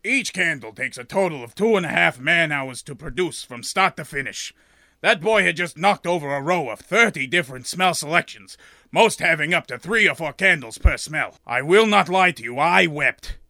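A man's voice: fairly high pitch, animated, normal speed, bright, forceful tone, no echo, studio quality. A man narrating a comedic story as a shopkeeper, in a prim, overly formal, mock-pompous way.

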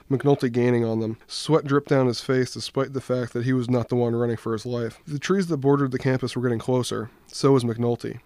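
A man's voice: mid-range voice, darkish tone, clean tone, no room sound. Young man reading his story aloud. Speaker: student reader.

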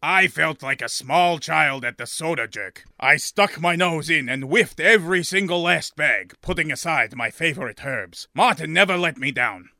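A man's voice: a little high, lively intonation, normal speed, vocal fry, hardly any pauses, pushed and bright, no echo, clean studio sound. A man narrating a comedic story as a shopkeeper, in a prim, overly formal, mock-pompous way.

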